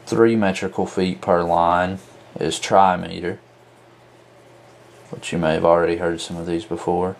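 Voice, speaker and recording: A man teaching a lesson, explaining slowly and methodically, counting out examples as he points to a board. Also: deep voice, little pitch movement, vocal fry. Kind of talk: explaining at a whiteboard.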